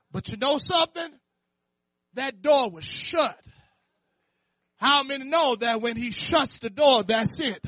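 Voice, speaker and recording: High, bright-voiced fervent male preacher. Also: no echo. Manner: fervent preaching, sprinkled with "amen" and questions to the crowd; rises to impassioned shouting. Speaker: pastor. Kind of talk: sermon. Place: church.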